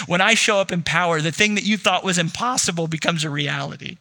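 A man's voice: sits high, a little fast, vocal fry, pushed and bright. A man preaching a sermon as pastor in a conversational way, acting out dialogue as he tells the story. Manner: conversational, acts out dialogue in quotes.

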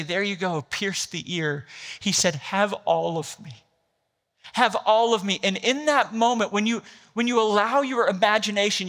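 Bright-voiced male pastor preaching. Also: high voice, big-room sound. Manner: storytelling, building to an impassioned climax. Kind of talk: sermon.

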